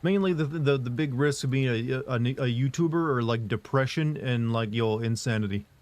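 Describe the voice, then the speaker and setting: A man streaming live who answers chat in a casual, monotone, rambling way, full of fillers and restarts. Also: medium pitch, normal speed. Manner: monotone, flat delivery.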